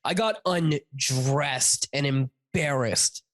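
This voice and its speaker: A man's voice: medium pitch, slow pace, fairly bright tone. A man co-hosting a comedy podcast, telling a story as a heated rant, swearing heavily and calling his listener bro. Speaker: podcast co-host. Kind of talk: casual comedic chat.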